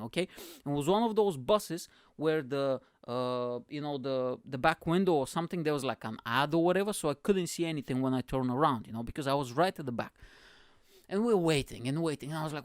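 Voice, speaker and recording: Man, podcast host, comedic rant, sweary, animated, slightly high pitch, dry room. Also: fairly quick, no echo. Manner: rambling, sweary, animated storytelling. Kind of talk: comedic monologue.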